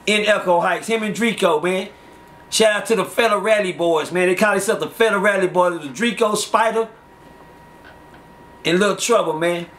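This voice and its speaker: A man tells street stories in a high, bright voice. He talks casually and acts out the people he quotes with loud, lively voices. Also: normal speed. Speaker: storyteller. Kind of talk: casual storytelling.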